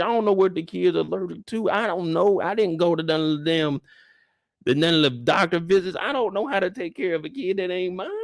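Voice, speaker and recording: In a dry, clean studio recording, a high-voiced young man hosts a live after-show chat. He tells rambling stories in a loose, profane, riffing style.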